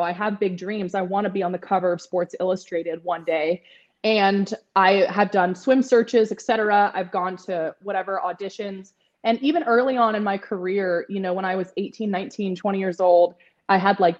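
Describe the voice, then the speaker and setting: A woman's voice: medium pitch, a little mellow, dull audio. A woman in her twenties, a podcast guest, talking in a chatty way with lots of fillers and frequent laughter. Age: 20s. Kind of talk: casual interview chat.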